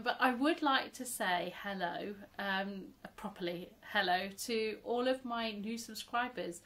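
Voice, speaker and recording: A woman's voice: mid-range voice, sharp tone. Chatty woman hosting a crochet show. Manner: chatty, hesitant with frequent ums and little laughs. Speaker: crochet podcast host. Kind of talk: casual chat to camera.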